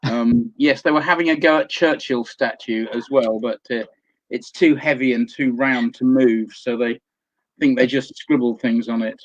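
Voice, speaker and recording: A man's voice: medium pitch, fairly even intonation, normal speed, dull audio. An English man, a guest on a video call, talking in a wordy, mock-pompous way. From England.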